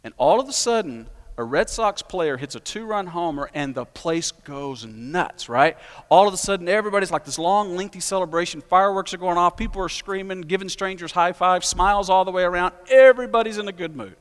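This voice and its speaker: Man, pastor, sermon, high voice, long hall reverb, storytelling delivery. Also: a little fast. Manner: storytelling, builds to emphatic peaks. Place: church sanctuary.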